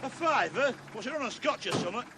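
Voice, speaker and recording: An actor playing a brash, bawdy Northern English rugby joker in a 1970s television drama, with a Northern English accent. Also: male voice, very high voice, lively intonation, quick pace, very noisy. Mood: cheeky. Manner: cheeky, boastful joking.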